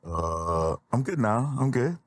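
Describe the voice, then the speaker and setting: A man co-hosting a podcast, speaking in a quiet, low-key way during casual chat. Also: sing-song, takes it slowly, no echo. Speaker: podcast co-host.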